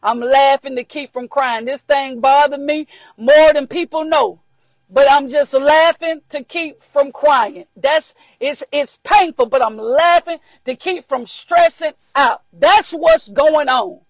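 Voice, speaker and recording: An older woman preaching a motivational message, emphatic and repetitive, often rising into shouts. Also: high-pitched, slow pace, dry recording, poor audio.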